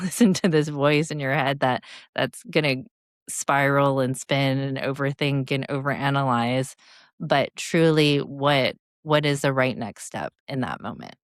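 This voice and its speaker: Low-voiced, unhurried woman coaching guest. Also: no room sound, studio quality. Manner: reflective, storytelling, coaching tone. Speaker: guest speaker and leadership coach. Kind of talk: podcast interview.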